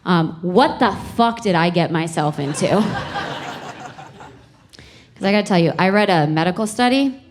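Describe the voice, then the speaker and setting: On a comedy club stage with a handheld mic, a young woman performs stand-up, conversational and profane, working up to shouted punchlines. Her voice sits on the low side, with a noisy background of audience laughter.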